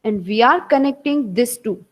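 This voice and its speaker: A woman with an Indian English accent teaches an online class, talking through each point and repeating it. Her voice sits a little high. She speaks into a computer mic. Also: lively intonation, moderate pace, poor audio. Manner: explains step by step, repeats points.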